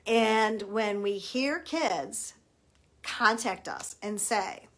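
A woman's voice: mid-range voice, drawn-out words, fairly bright tone. A middle-aged woman, a college admissions consultant, giving emphatic advice to parents and acting out bits of quoted dialogue.

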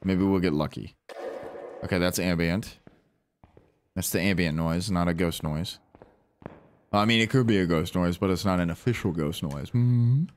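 A man giving casual, animated commentary while playing a ghost-hunting game and talking to his teammates. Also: sits low, normal speed, long pauses. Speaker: gaming streamer.

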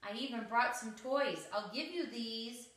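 A grabby, loud young dinosaur from a children's storybook, roaring possessively, as a woman reads him aloud. The voice is bright and sharp, and it rings through a roomy space from a distance. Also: fairly high pitch, a little slow. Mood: pleading. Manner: roars and yells possessively. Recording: roomy echo, mic at a distance.

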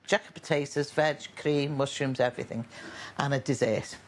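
A woman's voice: a bass voice, moderate pace. A woman in her fifties telling a family story in a documentary interview, acting out the quotes. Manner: animated anecdote-telling with acted quotes. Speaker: interviewee, mother of an expectant twin mum.

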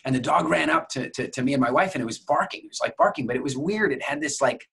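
A man's voice: medium pitch, expressive, fast, gravelly, fairly bright tone, breathy edge. A man coaching viewers on public speaking in a conversational masterclass, telling stories as examples and speaking straight to his audience. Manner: addresses viewers directly. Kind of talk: masterclass lecture.

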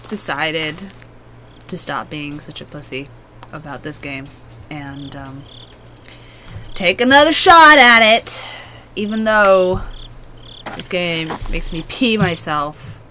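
A woman with a husky, hoarse voice talks her way through a horror game in a casual play-by-play. Her tone is bright and edgy, and she rambles chattily. She keeps poking fun at herself while getting jumpy and nervous. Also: fairly low pitch, slight background noise. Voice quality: husky, smoker-like voice. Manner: chatty, jumpy, self-mocking. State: hoarse from a long cough. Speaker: gaming video host. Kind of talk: casual let's-play commentary.

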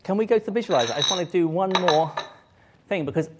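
A man giving a live science lecture to an audience, lively and joking, often breaking off and restarting his sentences. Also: high voice, fast talker, very noisy. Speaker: public lecturer. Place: lecture hall.

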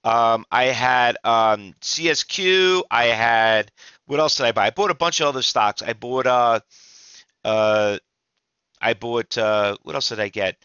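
A man's voice: mid-range voice, a little slow, bright, forceful tone, clear, resonant tone, no echo, muffled recording. A middle-aged man, an exhausted trading instructor giving rambling, emphatic market commentary to viewers with many restarts.

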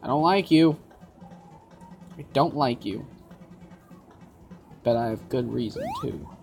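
Low-voiced woman swearing through a game. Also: animated, takes it slowly, creaky, darkish tone, faint music behind. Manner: exasperated, swears a lot, talks to herself. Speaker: gaming video creator. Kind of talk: casual let's-play commentary.

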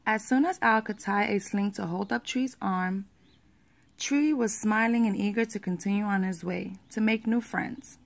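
Woman reading a kids picture book out loud, steady, some vocal fry, middle pitch. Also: normal speed. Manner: steady storybook reading with small slips. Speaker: parent reading to a child.

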